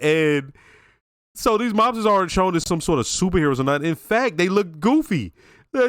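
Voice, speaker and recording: A man's voice: sits high, clean tone, no room sound, studio quality. Slangy man giving casual commentary. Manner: casual slangy talk, reflective and animated. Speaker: show reaction reviewer.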